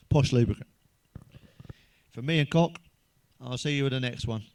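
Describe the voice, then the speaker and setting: A slightly mellow, medium-pitched voice comes from a middle-aged stand-up comedian who talks a little slowly. He tells blunt, crude jokes peppered with swearing in a rambling monologue, chuckling at the punchlines.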